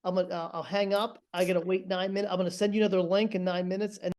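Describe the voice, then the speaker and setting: High-voiced man hosting a call. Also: flat delivery, a little mellow. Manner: halting, restarts with fillers. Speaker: podcast host. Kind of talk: casual interview over video call. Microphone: video call.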